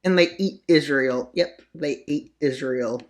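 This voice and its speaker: A channel host narrating a map scenario in joking commentary, full of sarcastic asides and mock-serious mutters. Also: a little slow. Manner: voice jumps up for punchlines, drops low for mutters. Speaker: mapping video narrator. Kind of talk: joking geopolitical commentary over maps.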